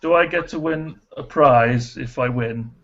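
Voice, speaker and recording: A man's voice: medium pitch, unhurried, highs cut off, crowd noise. A man playing along as a quiz contestant in casual, cheeky, jokey chat.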